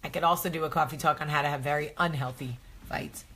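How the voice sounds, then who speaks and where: A woman's voice: deep voice, steady tone, fast talker, bright, forceful tone, slight background noise. A woman hosting a live advice chat, talking straight to viewers, chatty and effusive as she answers their comments. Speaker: host of a live advice show. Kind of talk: casual live-stream chat.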